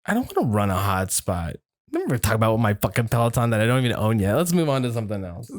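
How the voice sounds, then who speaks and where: A man's voice: on the low side, very animated, quick pace, no room sound, clean studio sound. A young man hosting a podcast, rambling through stories, swearing and acting out quotes in a raised voice. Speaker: podcast host. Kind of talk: casual chat.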